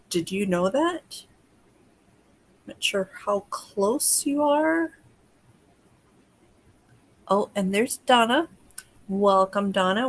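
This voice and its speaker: An American woman hosting a livestreamed energy-healing session, chatting casually, greeting viewers by name and giving gentle instructions. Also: medium pitch.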